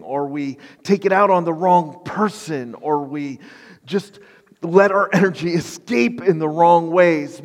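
Man preaching a sermon in a reverberant hall. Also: on the high side. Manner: conversational, emphatic, self-deprecating. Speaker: pastor.

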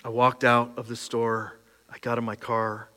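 A man's voice: mid-range voice, monotone, unhurried, bright, forceful tone. A middle-aged man, a pastor, telling an emotional personal story in a sermon, candid and open. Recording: long hall reverb.

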